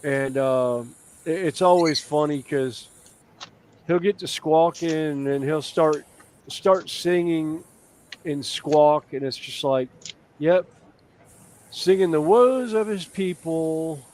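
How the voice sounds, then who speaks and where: A man's voice: a little high, takes it slowly, darkish tone, a little hiss or hum. Rambling man in casual chat. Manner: rambling, filler-heavy storytelling.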